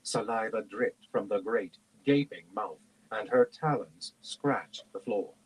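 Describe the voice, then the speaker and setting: A man reading a fantasy novel aloud on a stream, in a steady, lightly expressive narration. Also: lowish voice, slow pace, slight background noise, low-quality recording. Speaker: reader on a book stream.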